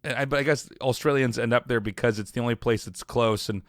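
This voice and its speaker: American guy, podcast host, relaxed, dry close mic. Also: mid-range voice, fast, dry recording. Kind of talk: casual podcast chat.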